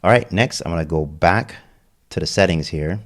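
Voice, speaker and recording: Male tutor, extremely deep voice, casual step-by-step software walkthrough. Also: normal speed. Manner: step-by-step, casual, frequent "okay?" check-ins. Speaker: web design tutor. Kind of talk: screen-recorded software tutorial.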